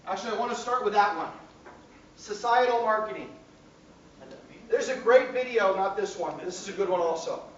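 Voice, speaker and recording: Speaking a little fast but with long pauses, a man with a high voice delivers a classroom lecture, telling a story and regularly checking in with students. The mic is distant, leaving the echoey room sounding dull.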